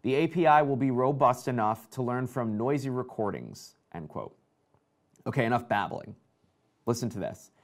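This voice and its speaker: A man hosting a casual live tech show, talking excitedly and reading out viewer comments. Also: mid-range voice, normal speed.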